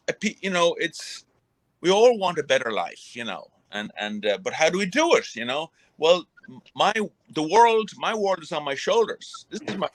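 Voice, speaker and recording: A man's voice: medium pitch, a bit bright, dry recording. A middle-aged man, a retired boxer, rambling through a casual interview with many restarts and fillers. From Ireland.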